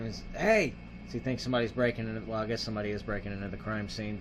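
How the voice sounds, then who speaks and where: A man's voice: medium pitch, a little hiss or hum. A male host casually retelling a film's plot in a rambling, filler-heavy way, acting out the characters' lines. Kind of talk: casual film review.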